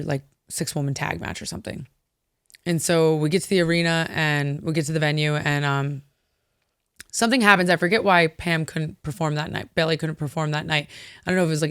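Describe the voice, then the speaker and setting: A woman in her thirties, a guest in a studio interview, telling a story casually and acting out what people said in animated voices. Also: sits low, smooth, dry recording. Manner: animated, acts out quotes in lively voices, swears casually. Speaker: interview guest, former wrestler.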